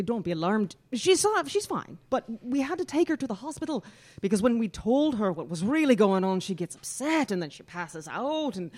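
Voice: mid-range voice, darkish tone. An actor playing a chatty male police lieutenant who tells things in a breezy, slangy way. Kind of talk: audio drama acting.

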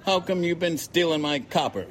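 A bullying, contemptuous worker in a hard hat, put on by a male narrator, pitched well above the reader's own low voice. He barks sneering taunts and threats, his tone pushed into a harsher, strained timbre unlike the narration around it. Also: expressive, moderate pace, lightly acted. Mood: hostile.

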